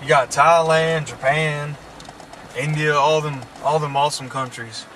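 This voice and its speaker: A man's voice: on the high side, steady tone, measured pace, fairly bright tone. A man with a Southern accent from Mississippi, hosting a casual, joking chat while driving around town. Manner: chatty, joking, folksy. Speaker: vlog host. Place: inside a car driving through town. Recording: road noise from a moving car.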